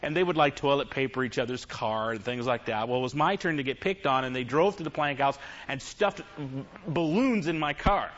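A man's voice: mid-range voice, a little fast, few pauses, fairly bright tone. Middle-aged man preaching, dull lo-fi sound. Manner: humorous, confessional storytelling to a congregation. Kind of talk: sermon. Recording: dull lo-fi recording.

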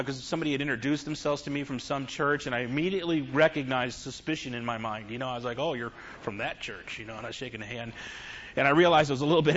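A man's voice: on the high side, fairly bright tone. Middle-aged man preaching, dull lo-fi sound. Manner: humorous, confessional storytelling to a congregation. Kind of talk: sermon. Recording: dull lo-fi recording.

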